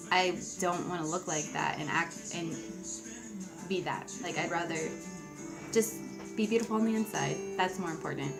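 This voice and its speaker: A woman's voice: lowish voice, low-quality recording. A young woman chatting casually through a makeup tutorial, giggly and self-mocking, with offhand asides. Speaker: beauty vlogger.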